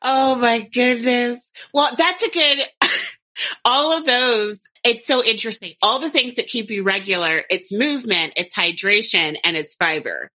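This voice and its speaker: A woman's voice: medium pitch, normal speed, sharp tone. A woman co-hosting a podcast, giving practical nutrition advice in a chatty, casual way.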